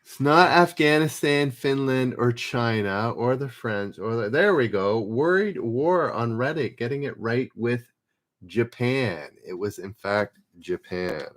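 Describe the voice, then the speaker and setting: A man's voice: mid-range voice, expressive, measured pace, fairly bright tone. Man hosting a live trivia quiz. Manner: chatty, reads questions aloud and calls out players' names.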